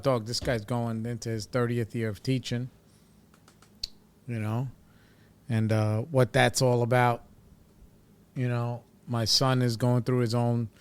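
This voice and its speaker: A man's voice: medium pitch, smooth. A man hosting a casual solo podcast, talking in a laid-back, rambling way with lots of fillers and swearing. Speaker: podcast host. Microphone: studio microphone.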